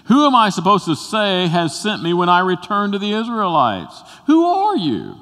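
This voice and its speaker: Pleading moses, way higher and urgent, echoing church as a preacher acts him out. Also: male voice, huge pitch swings, normal speed, bright, forceful tone, heavily acted. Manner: urgent, pleading repeated questions. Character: Moses, an anxious man pleading to know God's name. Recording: long reverb in a church sanctuary.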